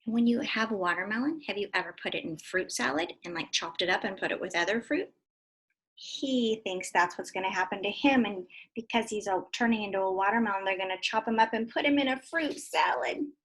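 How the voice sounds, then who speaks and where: A woman teacher reading a picture book aloud to young children in an animated way, stopping to ask them questions. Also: mid-range voice, fairly quick, breathy edge.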